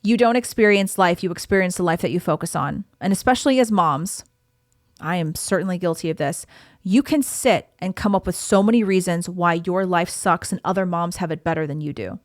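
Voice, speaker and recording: A woman's voice: fairly low pitch, a little fast, dry recording, clean studio sound. A young woman hosting a solo podcast, talking in an earnest, encouraging, conversational way while pregnant. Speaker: podcast host. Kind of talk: casual solo podcast talk.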